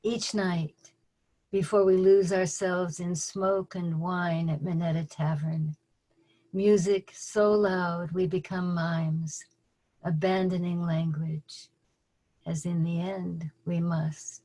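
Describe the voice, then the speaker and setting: An older woman poet reading her own poems at a virtual open mic over a video call, measured and deliberate, with dry asides between pieces. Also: on the low side, flat delivery, dark tone, low-quality recording.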